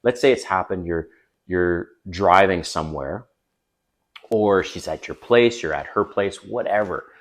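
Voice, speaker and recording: A dating coach with a low-pitched, unhurried voice hosts his own channel, offering dating advice straight to the camera. His manner is direct and conversational, and he acts out quoted lines.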